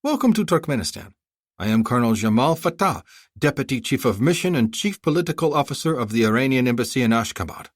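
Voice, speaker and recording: A smooth, courteous colonel with a knowing edge, voiced by a male narrator a little above his own pitch and lively in tone. Close, dry sound. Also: fast talker, no room sound.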